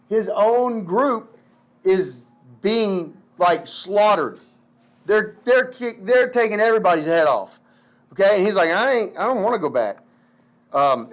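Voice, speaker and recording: A man teaching history in a casual, slangy, animated lecture full of filler words. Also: sits high. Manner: slangy, animated, lots of "like" and "dude".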